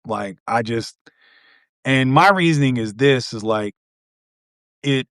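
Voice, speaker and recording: A man's voice: mid-range voice, animated, takes it slowly, fairly bright tone, no echo, clean studio sound. A man hosting a podcast, talking in a laid-back, rambling way with lots of restarts. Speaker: podcast host. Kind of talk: casual conversation.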